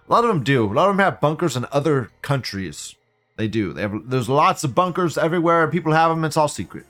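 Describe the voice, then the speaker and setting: A man's voice: on the high side, sing-song, quick pace, fairly bright tone, soft background music. A man hosting a live show, reading viewer comments aloud and reacting in a blunt, profane, ranting way. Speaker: livestream host.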